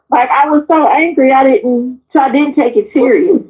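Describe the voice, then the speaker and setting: A woman's voice: high-pitched, normal speed. Blunt woman telling stories over a tinny line. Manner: blunt, animated, swears freely, acts out the people in her stories. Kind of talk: candid personal storytelling. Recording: tinny phone-like sound.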